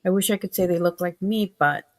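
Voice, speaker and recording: A woman's voice: fairly low pitch, fairly quick, no room sound. A woman, a mother, chatting plainly and matter-of-factly as a livestream guest. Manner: plain-spoken, matter-of-fact. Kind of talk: casual livestream chat.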